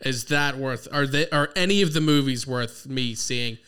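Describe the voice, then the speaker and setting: A man's voice: mid-range voice, moderate pace, pushed and bright, clean tone. A man co-hosting a casual chat, easygoing, often laughing along and stammering a little at the start of his thoughts. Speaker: podcast co-host.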